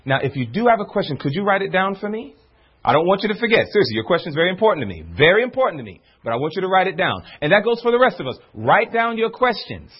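A man preaching a sermon to a congregation, using rhetorical questions and slowing down on words he stresses. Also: sits high, breathy edge. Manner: animated preaching, rhetorical questions, drawn-out emphasis. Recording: dull lo-fi recording.

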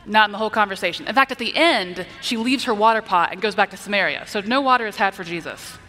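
Bright-voiced woman teaching from the Bible. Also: medium pitch, quick pace, long reverb tail. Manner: explanatory, asks the listeners "right?". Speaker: preacher.

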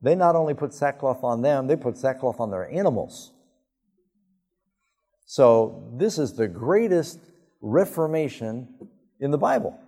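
A male pastor preaching a sermon, telling the story emphatically and with sudden rises in pitch. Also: expressive, a little slow, creaky, pauses often, mellow. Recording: long hall reverb.

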